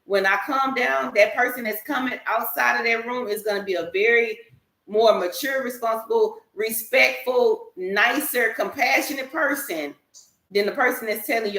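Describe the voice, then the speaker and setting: A woman's voice: fairly high pitch, moderate pace, fairly bright tone. A woman on a discussion panel talking earnestly and emphatically, explaining her views at length in a candid group conversation. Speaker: panel guest. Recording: echoey room.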